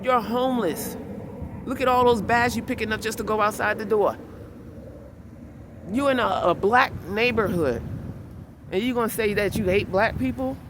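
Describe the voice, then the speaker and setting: A woman vlogging and telling a story in a blunt, animated way that turns heated. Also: fairly high pitch. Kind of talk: casual storytelling vlog. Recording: clear outdoor street noise behind.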